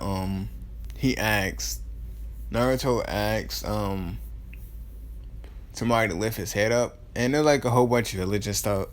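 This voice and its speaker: Rambling man telling a casual story. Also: medium pitch. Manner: rambling, full of fillers, casual swearing. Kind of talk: casual fan-fiction storytelling.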